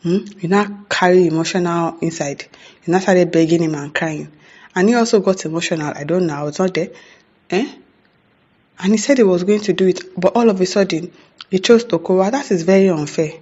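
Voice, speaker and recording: The recording is muffled, and the voice is mid-range, a little fast and slightly mellow. It belongs to a commentator with a Nigerian accent chatting casually about the news, repeatedly posing rhetorical questions, tossing in "eh?" and "hmm?", and laughing between remarks.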